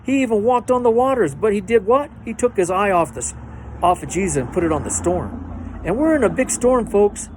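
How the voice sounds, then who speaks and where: Fervent high-voiced man preaching to viewers. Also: expressive, brisk, slight background noise. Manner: fervent, earnest, speaks straight to viewers; repeats himself for emphasis. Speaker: host of a religious video channel. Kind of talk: casual faith vlog, preaching to camera.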